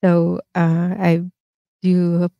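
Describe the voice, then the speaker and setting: A frank woman in her fifties hosts a casual live chat, rambling through her stories and laughing at herself. Her voice sits low and dark. The sound is dry and close. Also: completely flat delivery, extremely slow, vocal fry, dry recording, muffled recording. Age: 50s. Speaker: host.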